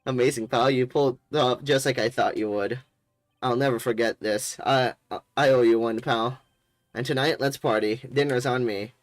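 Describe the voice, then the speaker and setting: A man voicing a gruff, goofy police detective who talks in a loud, hearty, blustering way. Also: mid-range voice, fairly even intonation, moderate pace, dry recording, faint music behind, natural voice.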